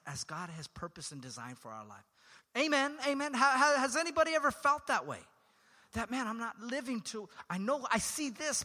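A man's voice: high-pitched, pushed and bright. A man preaching a sermon as pastor, talking conversationally and joking with his congregation. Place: church sanctuary. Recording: long hall reverb.

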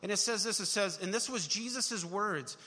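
A man with a high, bright voice preaching to his church in a loose, conversational way, cracking jokes and slipping into quick character voices. His words ring out with a long hall reverb behind them. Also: breathy edge. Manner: conversational and joking, acts out little voices. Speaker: pastor. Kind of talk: sermon. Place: church sanctuary.

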